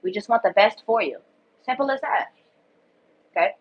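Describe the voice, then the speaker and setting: A woman gives viewers a casual tarot reading in a medium-pitched, animated voice at a moderate pace. She's blunt and profane, emphatic and repetitive, and the recording has a dull lo-fi sound.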